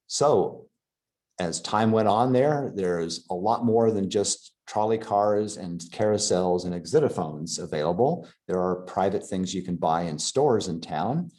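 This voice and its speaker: A man giving a local history lecture over slides, pausing often with fillers and restarting his sentences. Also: deep voice, lively intonation, warm tone. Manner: halting, many fillers and restarts.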